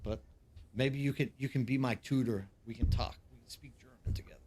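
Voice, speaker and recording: A man's voice: mid-range voice, steady tone, a little fast, a little mellow, slight background noise. A man in his forties, a game streamer, rambling in casual live-stream chat and talking straight to his viewers.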